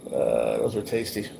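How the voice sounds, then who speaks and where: A man's voice: fairly low pitch, gravelly, noisy background. A man hosting a livestream, reminiscing casually over old photos in a loose, rambling, profane way. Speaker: livestream host.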